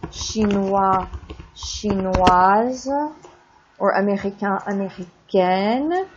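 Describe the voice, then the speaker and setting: A woman teaching a French class in a recorded lesson, drawing out words slowly for pronunciation drills and adding casual asides. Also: medium pitch, muffled recording, a little hiss or hum.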